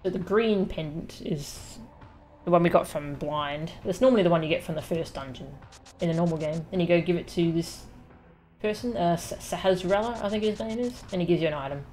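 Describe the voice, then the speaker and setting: A woman giving casual live commentary while she plays a video game, chatting and teasing the boss out loud. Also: on the low side, brisk, faint music behind. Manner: chatty, teases the game's boss aloud. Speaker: game streamer.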